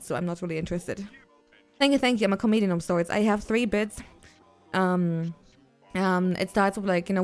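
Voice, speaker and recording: A young woman livestreaming a VR game in casual chatter, excitable and swearing, with frequent giggles and shrieks. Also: medium pitch. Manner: giggly, jokey rambling. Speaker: streamer. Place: at home, playing in VR.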